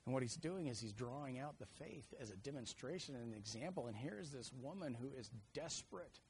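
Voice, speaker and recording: A middle-aged man preaching a sermon, telling family stories and acting out children's cries with lively energy. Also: medium pitch, brisk, slight background noise. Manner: animated storyteller, acts out kids' shouts.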